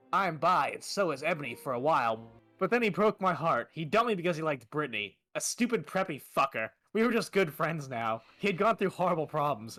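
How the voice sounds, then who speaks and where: A man's voice: on the high side, bright, forceful tone. A man on a stream reading fanfiction aloud for laughs, mock-dramatic with dry asides.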